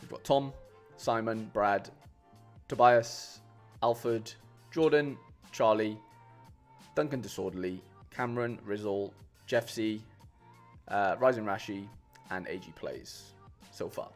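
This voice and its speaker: A man with a lowish voice speaks slowly over soft background music. He's a streamer building fantasy football lineups, chatting casually and rambling with plenty of fillers and restarts while calling his viewers "mate".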